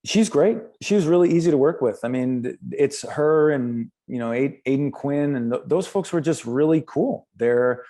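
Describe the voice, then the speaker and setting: A man's voice: mid-range voice, animated, moderate pace, hardly any pauses, mellow. A man, an actor, chatting as a guest in an interview and telling anecdotes with lots of fillers and restarts. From United States. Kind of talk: casual interview chat.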